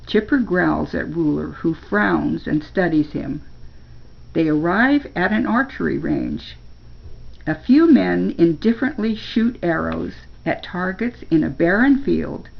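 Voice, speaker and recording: Slow, gravelly grandmother storyteller. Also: on the low side, dull audio. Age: older. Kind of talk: reading a children's story aloud.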